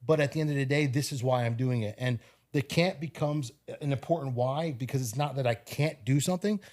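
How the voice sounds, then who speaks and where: A man of ordinary middle pitch talking in a casual podcast chat. He rattles along in quick bursts, packing his advice with fillers and small restarts. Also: a little mellow.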